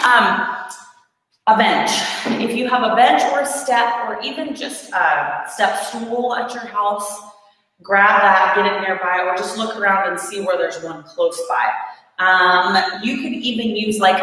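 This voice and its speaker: A woman leading a live-streamed workout class, chatty and encouraging with frequent ums, her voice still a little rough from the morning. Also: medium pitch, a bit bright. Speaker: fitness instructor. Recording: very echoey room with long reverb.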